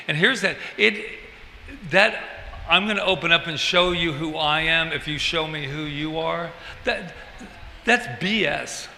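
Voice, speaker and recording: Bright, gravelly male preacher in an echoey hall. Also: medium pitch, a little hiss or hum. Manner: animated, playful, confiding. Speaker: reverend. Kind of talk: sermon. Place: church service hall.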